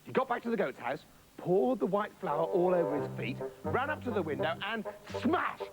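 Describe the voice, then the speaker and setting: A man's voice: sits high, sing-song, a little fast, poor audio. A man telling a comic children's story, gleeful and anarchic. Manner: gleeful and anarchic, jumping between voices. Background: music.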